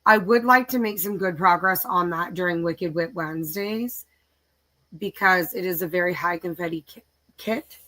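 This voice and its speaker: A woman's voice: fairly low pitch, moderate pace, sharp tone. A middle-aged woman hosting a casual craft live stream, chatting and listing her projects aloud in a tired, easygoing way. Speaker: craft channel host.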